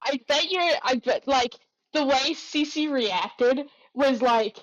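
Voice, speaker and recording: A woman's voice: high-pitched, no room sound. A woman from Australia, co-hosting a podcast in casual chat, hesitant and full of fillers. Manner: unhurried, hesitant, with many fillers. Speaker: podcast co-host. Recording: slightly muffled lo-fi mic.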